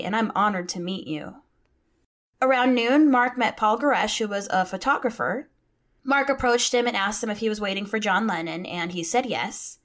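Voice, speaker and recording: A woman hosting a podcast, telling a true-crime story in a chatty way, swearing casually and reading out quotes. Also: medium pitch. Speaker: podcast host.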